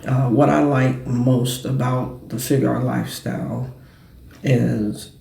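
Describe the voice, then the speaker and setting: A man hosting a casual sports and cigar talk show, telling stories in quick, animated bursts. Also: mid-range voice, gravelly, echoey room.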